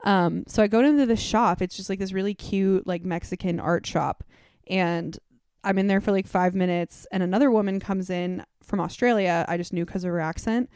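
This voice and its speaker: A woman in her twenties hosting a podcast, telling animated stories to old friends over dinner and swearing freely. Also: mid-range voice, normal speed, clear, resonant tone, no room sound, studio quality. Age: 20s. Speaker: podcast host. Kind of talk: casual chat among friends. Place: dinner table at home.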